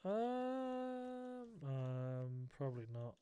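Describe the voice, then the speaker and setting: A man's voice: high voice, very animated, drawn-out words, mellow, clear, resonant tone, no room sound. A man live-streaming a football video game, chatting casually and joking with his viewers. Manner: banters with chat, jokey, self-described moaner.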